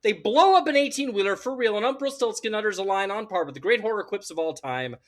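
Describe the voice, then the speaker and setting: A man with a high, expressive voice talks fast, arguing the defense in a mock movie trial on a podcast. His casual debating style is playful, grandiose and mock-lawyerly.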